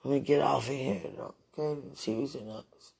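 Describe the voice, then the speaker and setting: A woman's voice: rumbling low, normal speed, gravelly, dark tone, slightly rough. A woman talking into a phone held close, emotional and repetitive, with a prayerful tone, as if speaking live to a loved one.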